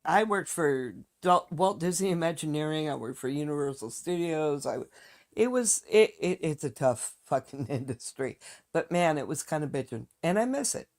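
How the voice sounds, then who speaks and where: A woman's voice: low-pitched, animated, normal speed, darkish tone. A woman streaming live, talking bluntly and with heavy profanity as she rants straight to her viewers. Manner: fired-up ranting to viewers. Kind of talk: casual live-stream chat.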